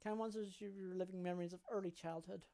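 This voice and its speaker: A woman streamer reading a game's story text aloud in a steady storytelling way. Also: lowish voice, fast. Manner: steady storytelling, with a brief excited outburst. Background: faint game music.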